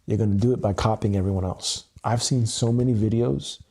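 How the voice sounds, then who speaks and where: A man speaking straight into his webcam during a solo livestream, with a deep, gravelly voice. He sounds earnest and emotional, swears freely and circles back over the same phrases. The tone is mellow and a bit husky. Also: steady tone, brisk. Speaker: content creator. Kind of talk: solo livestream monologue, EFT tapping. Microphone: webcam mic, looking into camera.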